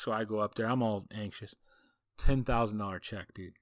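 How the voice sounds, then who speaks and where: A man's voice: fairly low pitch, fairly even intonation, normal speed, dry recording, studio quality. A man, a football coach hosting a podcast, telling a story in a casual, folksy, rambling way full of asides.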